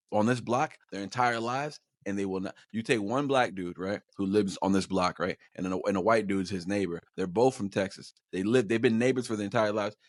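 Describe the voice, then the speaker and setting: Clean studio sound and a dry recording capture a man with a fairly low voice, originally from Long Island, New York. He's a guest in casual conversation, loosely rambling through stories and frequently repeating words.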